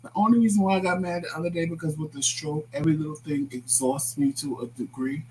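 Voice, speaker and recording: A man co-hosting a casual talk show, telling stories in a blunt, animated way. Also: on the high side, quick pace, a little hiss or hum, low-quality recording. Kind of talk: casual chat.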